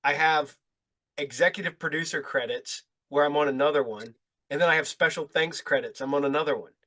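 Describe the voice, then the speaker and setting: A man hosts a casual podcast chat, his voice a little high. He rambles, stalls on fillers and circles back before finishing a thought. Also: pushed and bright. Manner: rambling, halting, many fillers and restarts. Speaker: podcast host and film producer.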